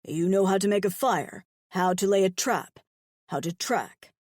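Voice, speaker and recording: Woman doing a gruff shy alien hunter dude, formal and terse, dry close audiobook sound. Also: medium pitch, measured pace, darkish tone, no room sound, close to an everyday voice. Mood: earnest. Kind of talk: audiobook character voice.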